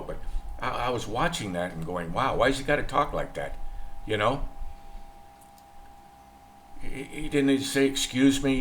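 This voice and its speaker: A man's voice: medium pitch, a little hiss or hum. A man from the United States, older, talking in a rambling, opinionated vlog monologue and repeating himself. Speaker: vlogger. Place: in the Philippines.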